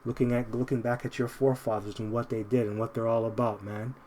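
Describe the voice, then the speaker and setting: A man's voice: mid-range voice, level tone, mellow, slight background noise. Emphatic man preaching with scripture. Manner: emphatic, repetitive, ends phrases with "man"; slows down to read verses aloud.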